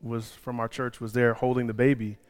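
A male pastor preaching a sermon, moving from quiet personal storytelling to loud, impassioned preaching. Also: mid-range voice, level tone, normal speed, clean tone.

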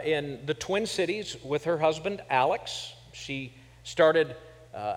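In a large hall, a middle-aged pastor from Kansas preaches a sermon in a fairly high, fairly bright voice. He tells stories with conversational humor, then drives his points home with emphasis from the church sanctuary.

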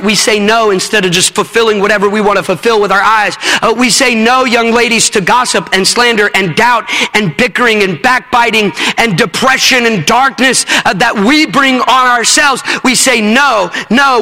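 High, bright-voiced fervent male preacher. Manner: fervent, directs helpers on stage. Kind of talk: sermon with a live demonstration. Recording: long hall reverb.

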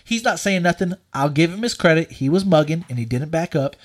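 Animated, profane young man telling a story. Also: a little high, brisk. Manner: animated, profane, shouts quoted lines. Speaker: podcast co-host. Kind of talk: casual storytelling chat.

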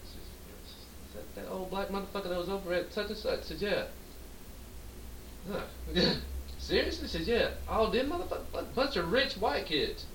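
Here a high-pitched podcast co-host talks at normal speed, telling a lengthy, profanity-laden story in a drunk storytelling chat. Animated throughout, he acts out the quoted lines, heard through an echoey room, a distant mic and faint hiss.

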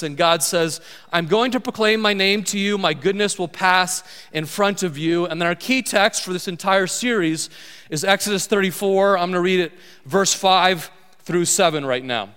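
A middle-aged man delivers a sermon with a higher-than-usual pitch. He sounds conversational and asks the listeners questions as he goes. His voice carries a long reverb, as in a large hall. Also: a bit bright, clear, resonant tone. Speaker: pastor.

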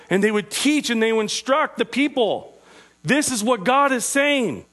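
A man preaching an interactive sermon, asking his listeners questions and slowing down on key phrases. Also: extremely high pitch, animated, a bit bright. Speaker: preacher teaching a group.

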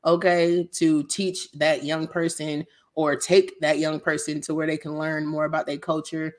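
A woman's voice: low-pitched, little pitch movement, a little slow. A woman talking bluntly and with profanity in a casual podcast chat, telling stories. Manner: blunt, profane, storytelling with quoted voices.

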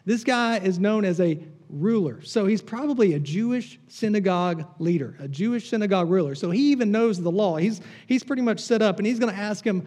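Pastor guy preaching, high mellow voice, chatty, teases the crowd. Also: brisk, hardly any pauses. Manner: conversational and teasing with the congregation, drops soft for prayer. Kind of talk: sermon.

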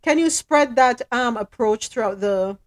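A woman's voice: fairly high pitch, a little slow, dry recording, studio quality. A woman hosting a casual news chat, reading headlines and reacting with playful mock outrage. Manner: animated, laughs loudly, playful mock outrage. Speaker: podcast host.

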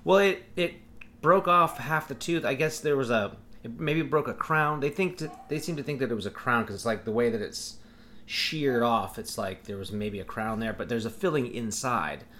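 A man's voice: medium pitch, normal speed, a bit bright, slight background noise. A man in his forties, a podcast co-host, telling a rambling, self-correcting story in casual chat.

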